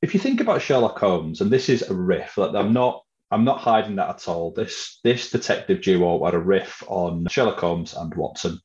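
Low-voiced author on a dull roomy line. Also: male voice, lively intonation, normal speed, hardly any pauses, a little mellow. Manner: chatty, with restarts and fillers. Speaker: author guest. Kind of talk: casual interview answer.

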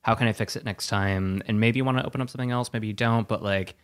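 A man co-hosting a podcast, chatting casually and telling rambling, animated stories. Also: on the low side, fast talker, clean tone. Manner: rambling, animated storytelling with voiced impressions. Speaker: podcast co-host. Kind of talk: casual chat.

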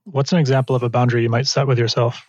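A man interviewing in a reflective conversation, soft and affirming, asking probing follow-ups. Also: medium pitch, little pitch movement, rapid-fire, no echo, highs cut off.

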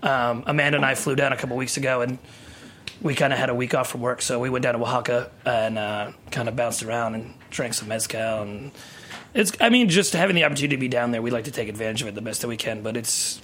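A man's voice: medium pitch, fast talker, a little hiss or hum. A man in his thirties telling stories in a casual studio podcast chat, acting out what others said and laughing often. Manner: animated storyteller acting out quotes, laughing often. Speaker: tequila brand ambassador.

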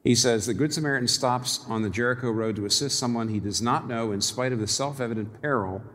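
A man preaching a sermon in an animated, wry way, often chuckling at his own irony. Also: mid-range voice, fast, big-room sound.

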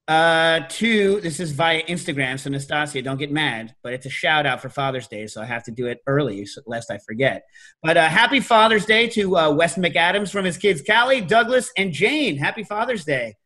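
Animated middle-aged man, lively storyteller. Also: a little high, normal speed. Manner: animated storytelling, mimics loud New York shouts. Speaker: podcast host. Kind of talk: casual chat.

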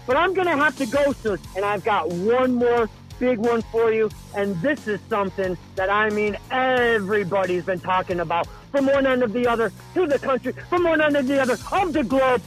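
A man putting on a wildly excitable male gossip caller who rattles off wrestling news in a very high, strained voice. He sounds breathless and shouts as he goes, with faint music underneath. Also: moderate pace, rough recording. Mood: hyped. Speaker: hotline caller. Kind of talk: comedic podcast bit.

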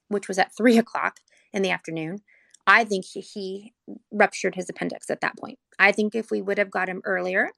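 A woman recounts a frightening family memory in a heavily creaky, gravelly voice. Her telling is earnest and rambling, thick with "like," and she is on the edge of tears. The sound is dry and close, with no room around it. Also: mid-range voice, bright, forceful tone, no room sound. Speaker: mother telling her son's hospital story. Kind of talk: personal storytelling, casual.

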